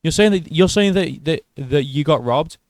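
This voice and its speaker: A man's voice: a little high, animated, normal speed, no echo. A man giving blunt, profane reaction commentary on boxing.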